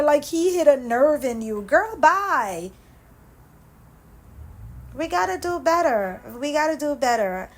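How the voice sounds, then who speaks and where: High-voiced woman ranting in a vlog. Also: sing-song, takes it slowly, rough recording. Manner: impassioned ranting, repetitive emphasis. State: angry. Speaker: commentary channel host. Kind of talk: reaction vlog commentary.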